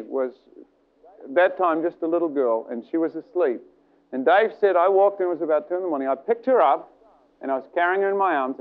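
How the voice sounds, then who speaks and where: Male preacher, high lively voice, acts out voices, tinny phone-like recording. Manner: animated storytelling, acts out voices. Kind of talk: sermon with retold story.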